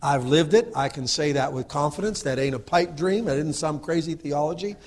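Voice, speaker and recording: A middle-aged man preaching a sermon, dropping to low asides and then rising into loud exhortation, often asking the audience for agreement. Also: a little fast.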